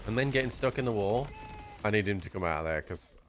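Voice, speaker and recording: British man, game streamer, lively pitch, chatty, laughs a lot. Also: quick pace, noisy background. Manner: chatty, laughing, restarts often. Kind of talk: casual livestream chat.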